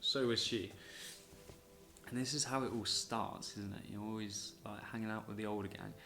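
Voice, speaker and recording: A man's voice: lowish voice, level tone, normal speed, vocal fry, sharp tone, echoey room. A man telling his own story on a podcast in a chatty way, laughing often between sentences and swearing casually. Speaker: podcast host.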